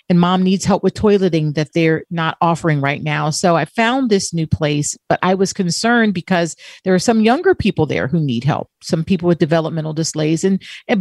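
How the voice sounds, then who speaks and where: Heartfelt low-voiced woman co-host. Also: no echo. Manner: heartfelt storytelling, quoting others in soft voices. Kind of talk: emotional personal story, casual chat.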